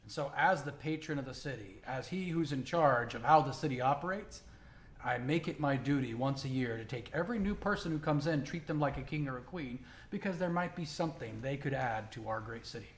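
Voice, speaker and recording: A man's voice: medium pitch, animated, brisk, natural voice. A man playing a genial, portly middle-aged dwarf who is the patron of the city, speaking in a hearty, welcoming way.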